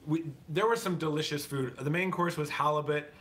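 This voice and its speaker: A man's voice: a little high, fairly quick, a bit bright. A man co-hosting a casual show, telling a teasing story to viewers. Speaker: podcast co-host. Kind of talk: casual chat with live viewers.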